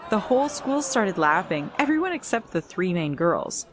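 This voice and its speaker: A woman's voice: mid-range voice, very animated, normal speed, noisy background. A woman telling a first-person storytime tale in a plain, earnest way.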